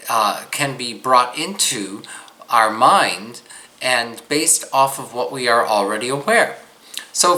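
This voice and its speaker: Slow, bright-voiced man teaching. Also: medium pitch, poor audio. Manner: patient, guiding listeners through exercises. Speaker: psychic medium teaching a course. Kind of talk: instructional course talk.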